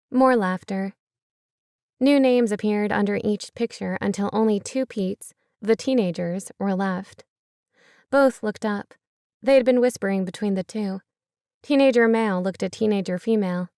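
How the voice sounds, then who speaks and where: A woman narrates a story in an even, measured way at a middle pitch. The recording is dry and close, with no room sound. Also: smooth, no room sound. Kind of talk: audiobook narration.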